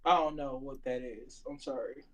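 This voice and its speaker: A man's voice: medium pitch, steady tone, moderate pace, poor audio. A man calling in to a casual debate, hesitant and apologetic, often stopping to search for words. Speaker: caller.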